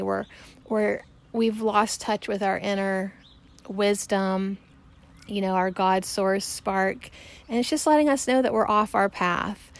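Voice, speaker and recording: A woman's voice: medium pitch, creaky. A woman hosting a podcast, talking casually and rambling, laughing often. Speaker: podcast host. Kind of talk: casual solo chat. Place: outdoors on a porch.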